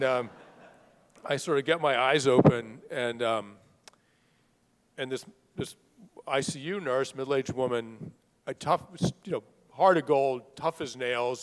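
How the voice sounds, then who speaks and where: Middle-aged guy telling a story to a crowd, keeps restarting, mid pitch, big hall echo. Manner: conversational, halting with fillers and restarts. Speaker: author speaking at a book festival. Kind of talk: storytelling talk to an audience. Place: large hall at a live event. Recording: long reverb of a large hall.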